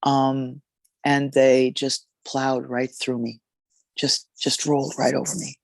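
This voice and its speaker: A jazz singer, a woman, telling a story in an interview in an expressive, halting way with fillers. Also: a bass voice, gravelly, no room sound.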